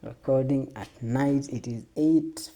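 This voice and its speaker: A man's voice: mid-range voice, slow, warm tone, slight background noise. A man hosting a casual solo podcast, laid-back, laughing often and swearing freely. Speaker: podcast host.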